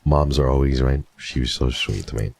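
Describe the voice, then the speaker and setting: Very deep, gravelly-voiced male streamer. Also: normal speed, no echo. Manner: relaxed and chatty, often breaking into soft laughs. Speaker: VTuber streamer. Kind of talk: casual chat with live stream viewers.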